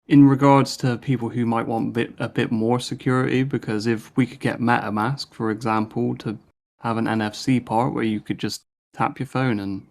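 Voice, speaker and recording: A man, talking in a casual podcast panel discussion, chatty and fond of tag questions. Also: lowish voice.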